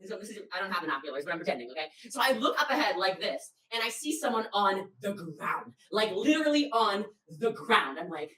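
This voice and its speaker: A woman telling a dramatic story in a lively, animated way, acting out quotes and breaking into loud, swearing outbursts. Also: medium pitch, fairly quick, few pauses, far from the mic. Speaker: business leader telling a story. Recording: roomy echo, a little off mic.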